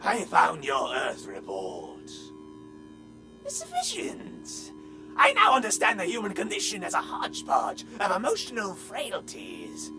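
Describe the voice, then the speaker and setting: An actor playing a pompous male reptiloid space emperor villain who talks grandly, booms and cackles. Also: huge pitch swings, measured pace, creaky, heavily acted. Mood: haughty. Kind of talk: audio comedy drama. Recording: background music.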